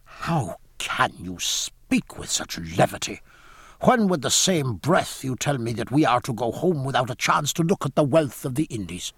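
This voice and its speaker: A man's voice: medium pitch, big pitch swings, normal speed, slightly rough, no echo. A man voicing a learned, prickly ship's surgeon, speaking in formal, wordy phrases. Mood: earnest.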